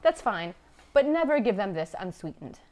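A woman's voice: medium pitch, very animated, moderate pace, a little mellow. A woman from Afghanistan hosting a casual cooking livestream from her home kitchen, chatty and wry, with a teasing humor. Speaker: cooking show host. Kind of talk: casual live-stream cooking chat.

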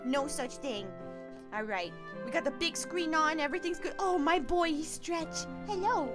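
High, bubbly woman streamer with a scratchy throat. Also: moderate pace, music in the background. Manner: excitable, giggly, swears freely. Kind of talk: casual game-stream chat.

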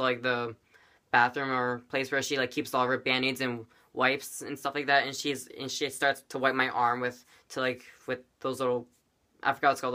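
Rambling bright-voiced male storyteller. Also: medium pitch. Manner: rambling, many fillers, dramatic. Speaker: vlogger. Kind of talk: storytime vlog.

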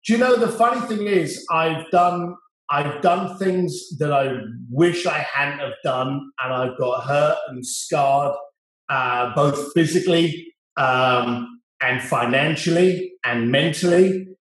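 Male guest, blunt and profane, slightly high voice, very echoey room. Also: slow, fairly bright tone. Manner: blunt, swearing storyteller. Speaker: interview guest. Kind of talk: casual conversation.

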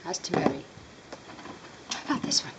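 A woman talking to a foster dog at home in high, sing-song baby talk, coaxing it to pick a toy. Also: normal speed, heavy background noise. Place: home with dogs.

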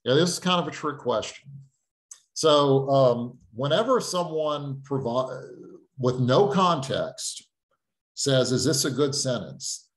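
A middle-aged writing instructor talks through his lesson in an easy, conversational way, pausing on fillers and circling back to restart his sentences. His pitch moves around a lot as he explains. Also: expressive. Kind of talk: online lecture.

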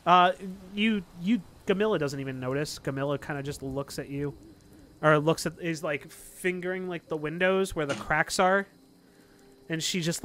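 A man's voice: fairly high pitch, moderate pace, a bit bright. A man running a tabletop game as game master, narrating loosely with lots of fillers. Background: faint background music.

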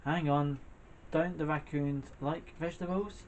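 A man commentating his own playthrough with a slightly high voice. He reacts out loud to every setback and jokes with the characters on screen. A faint hiss of noise sits under his voice. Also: steady tone, measured pace, lo-fi sound. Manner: reactive, jokey, talks to the game. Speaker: gamer. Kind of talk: let's play commentary.

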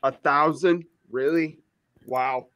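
A man chatting casually with friends in a group voice chat, quick to react and joke. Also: fairly high pitch, steady tone, fairly bright tone, no room sound.

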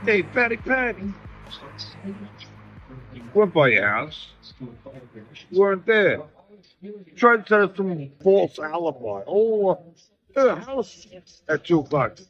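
A man's voice: high voice, sing-song, slow, long pauses, faint music behind. A man delivering a mocking, profane, insulting video message. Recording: dull lo-fi recording.

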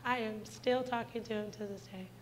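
A woman's voice: mid-range voice, steady tone, moderate pace, very noisy. A woman in her twenties giving a heartfelt personal testimony in a church, speaking earnestly and directly to the congregation. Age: 20s.

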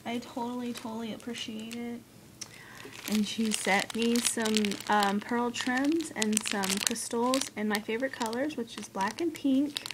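A woman vlogger unboxes a craft swap while chatting casually, so excited that she keeps gasping and squealing. Her voice is fairly high and a little slow, with noise in the background.

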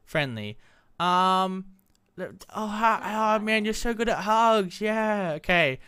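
A young adult gamer talks through a session in loose, excitable slang, laughing easily. The voice is bright and smooth, with pitch that leaps around, and it is recorded dry with no room sound. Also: slow, no room sound. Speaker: gameplay commentator. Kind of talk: casual Let's Play commentary.

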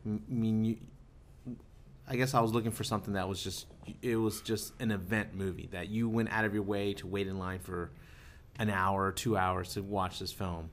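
A man's voice: fairly low pitch, fairly even intonation, normal speed, a little hiss or hum. A man hosting a casual movie podcast roundtable, often stammering and restarting his sentences. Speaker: podcast host.

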